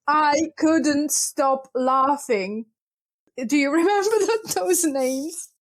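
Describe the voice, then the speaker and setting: High-voiced chatty woman, book chat. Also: takes it slowly. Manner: chatty, hesitant, laughs often, many "like"s. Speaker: podcast co-host. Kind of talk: casual book discussion.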